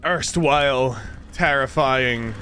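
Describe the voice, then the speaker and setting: A woman's voice: very deep voice, slow pace, fairly bright tone, faint music behind. A woman playing a horror game and commentating, jumpy and giggly, talking to herself. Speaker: game streamer. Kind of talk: let's-play commentary.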